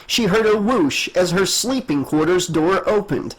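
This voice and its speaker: A man narrates an audiobook with a steady, measured delivery. His voice sits fairly high for a man. He reads clearly and evenly from line to line. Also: slight background noise, rough recording.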